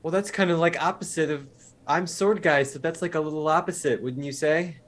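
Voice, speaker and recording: A man's voice: a little high, a bit bright. A man performing improv comedy, flustered and awkward in a game-world scene. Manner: flustered, awkward, fast rambling.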